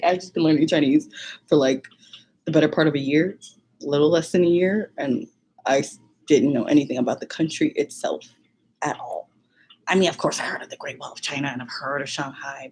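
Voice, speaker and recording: A young woman vlogger casually telling a story, chatty and full of "like", laughing often and acting out quotes in a higher voice. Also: mellow, a little hiss or hum.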